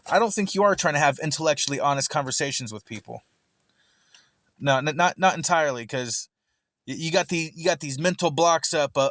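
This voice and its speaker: A streamer with a slightly high, fairly bright voice reacts to a recorded debate, with no room sound around him. His commentary is heated and full of profanity, and he often stammers and repeats words.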